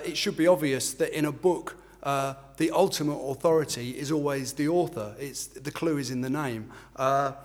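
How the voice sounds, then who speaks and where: Male author from England, middle-aged, slightly high voice, wry and self-mocking, reads his own prose to a room. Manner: self-deprecating, conversational, with filler ums. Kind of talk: book talk and reading aloud.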